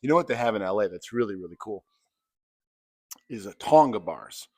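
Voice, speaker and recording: A man's voice: on the low side, lively intonation, brisk, darkish tone, no echo, clean studio sound. A man with a mild Chicago accent, chatting casually as a guest in an interview and breaking into playful accent impressions. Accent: American, Chicago (mild). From Chicago, USA.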